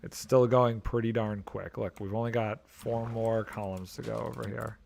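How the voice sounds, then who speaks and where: A man's voice: fairly low pitch, fairly even intonation, moderate pace, creaky, background noise. A man streaming a video game, chatting casually and thinking aloud, mildly exasperated and joking as he plays, talking into a desk microphone. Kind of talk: casual gameplay commentary.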